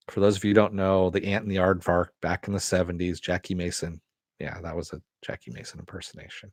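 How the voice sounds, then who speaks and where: A man's voice: sits low, a little fast, breathy edge, no echo, studio quality. A middle-aged man hosting a casual live stream, rambling and swearing as he answers viewers. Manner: rambling, profane, restarts often. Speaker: host.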